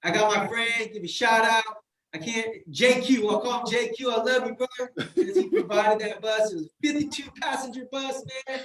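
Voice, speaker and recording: A man's voice: extremely high pitch, moderate pace, fairly bright tone. A man sharing his life story in casual testimony, exuberant, calling out friends and saying "man" constantly.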